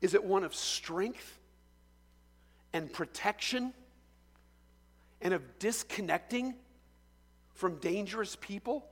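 A man's voice: high voice, animated, slow, long pauses, big-room sound. A man pastor preaching a sermon, telling the story with energy and asking many rhetorical questions.

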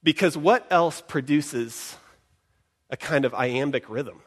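A man giving a sermon in an animated, conversational way, often putting rhetorical questions to his congregation. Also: fairly high pitch, slow, breathy edge, big-room sound. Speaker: preacher.

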